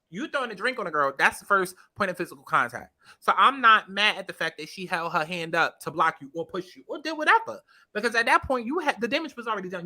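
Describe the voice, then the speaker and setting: A woman's voice: medium pitch, sharp tone. A woman giving casual, profane commentary on a reality-TV clip, talking straight to her viewers and repeating points for emphasis. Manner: talks to viewers while scrubbing through a clip. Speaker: commentary vlogger.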